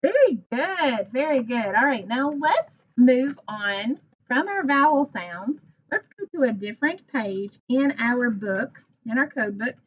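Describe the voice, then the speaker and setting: A woman teaching a phonics lesson to young children, speaking clearly, modeling sounds and encouraging them. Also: fairly high pitch, expressive, a little slow, hardly any pauses, muffled recording.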